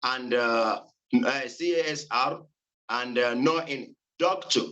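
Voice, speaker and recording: Halting man presenting a phonology seminar. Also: mid-range voice, pushed and bright, dull audio. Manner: halting, many fillers and repeated words. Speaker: student presenter.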